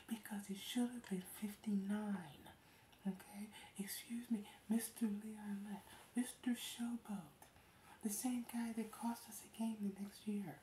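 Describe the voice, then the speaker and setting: A woman hosting a podcast in a casual, rambling chat, laughing often, swearing freely and often sinking to a breathy near-whisper. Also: lowish voice, a little mellow. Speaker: podcast host. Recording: roomy echo with faint background hum.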